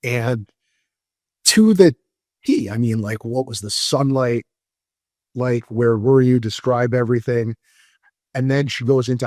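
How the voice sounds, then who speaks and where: A middle-aged man from Moldova tells a painful memory as a podcast guest, stopping and restarting, his voice close to tears. His voice sits at a middle pitch. The sound is dry, with no room echo. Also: darkish tone. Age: 40s. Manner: candid, halting, many fillers and restarts. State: near tears. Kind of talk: emotional personal storytelling.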